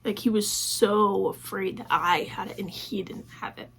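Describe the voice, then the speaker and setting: A woman's voice: medium pitch, fairly even intonation, normal speed, fairly bright tone, slightly rough. A woman vlogger talking casually about her own life, acting out what people said with many "like"s. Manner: conversational, acts out quoted dialogue with many "like"s. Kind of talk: casual personal storytelling.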